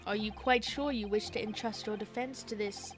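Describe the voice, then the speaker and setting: A woman voicing a stern elderly male judge in a courtroom game, speaking in a formal, grave, measured way. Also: mid-range voice, fairly even intonation, music in the background, voice pushed down, natural voice.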